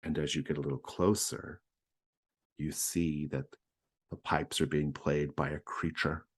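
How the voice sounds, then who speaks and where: A man narrating a tabletop horror game as game master, describing scenes in a measured way. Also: rumbling low, little pitch movement, slightly rough.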